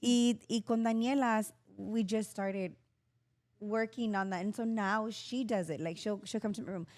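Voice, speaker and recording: A middle-aged woman co-hosting a podcast, chatting casually and expressively, with quick bursts of laughter. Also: mid-range voice, steady tone, darkish tone, no echo. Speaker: podcast co-host and mother. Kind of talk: casual chat.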